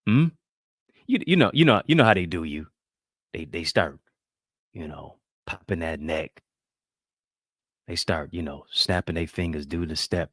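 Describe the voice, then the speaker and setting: A man delivers a motivational talk in a preaching style, his pitch swinging widely from line to line. He keeps checking in with his listeners through quick questions and call-and-response. The sound is close and dry, with no room around it. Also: very animated, dry recording. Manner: call-and-response, rhetorical questions, playful quoted voices. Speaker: motivational speaker.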